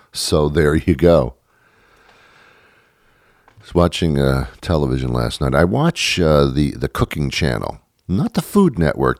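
A podcast host with an extremely low-pitched voice delivers a rambling, sarcastic comedic monologue, frequently stopping and restarting himself. The recording is dry and studio quality.

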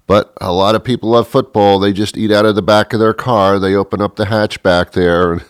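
A man hosting a comic monologue, deadpan and rambling, with many fillers. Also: lowish voice, fairly quick, clean tone, dry recording. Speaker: host. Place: Boston area.

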